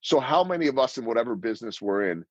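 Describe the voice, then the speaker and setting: Telling stories in an interview, this fifties-aged guest, a sports broadcaster and speaker, talks fast in a mid-range voice and performs the quoted lines with animation. The sound is dry, with no room sound and a lo-fi quality.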